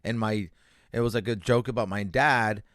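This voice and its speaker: A man's voice: lowish voice, steady tone, moderate pace, fairly bright tone, no room sound, clean studio sound. A male comedian with a Canadian accent, telling a personal story in a radio interview, candid and emotional, swearing freely and restarting his sentences. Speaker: comedian guest. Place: radio studio.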